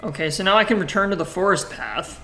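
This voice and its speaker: A man's voice: high-pitched, animated, quick pace, bright, forceful tone, faint music behind. A man playing a text adventure and commenting casually, swearing now and then and reading the game text aloud. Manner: casual, swears, jokey self-talk. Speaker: gaming streamer.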